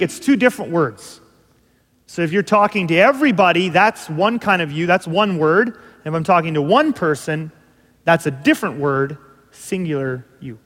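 A man preaching a sermon as pastor, earnest and emphatic, with dramatic pauses and rhetorical questions. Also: a little high, in a large hall.

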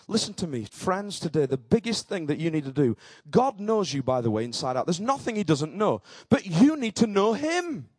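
A male pastor preaching a sermon in an emphatic style that rises to shouts. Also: fairly high pitch, sing-song, a little fast, hardly any pauses, dry recording.

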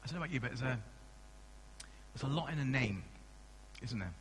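A young man, a pastor giving a conversational sermon with animated asides and frequent restarts. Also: medium pitch, a little fast, big-room sound, slight background noise, low-quality recording. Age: young adult.

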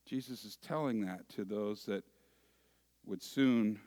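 A man preaching a sermon as pastor, deliberate and asking his congregation rhetorical questions. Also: on the low side, warm tone.

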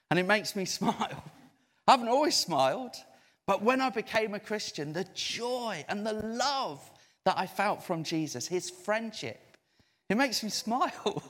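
A preacher with a lively, swooping voice, delivering a sermon slowly and deliberately. He stretches key words for emphasis and invites his listeners to say phrases back, while long reverb from the church hall trails behind each line. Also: high-pitched. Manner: expressive, drawn-out emphasis, audience call-and-response.

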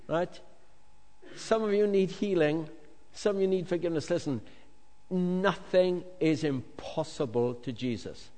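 A male pastor with a fairly high voice preaches a sermon to a congregation in a large hall, where the long reverb echoes. He's animated, adds jokey asides, and swings from loud to hushed.

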